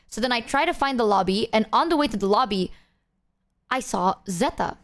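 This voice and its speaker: A young woman streamer chats casually with her viewers, telling a long, rambling story full of fillers and frequent laughter. Her mid-range voice is animated and brisk.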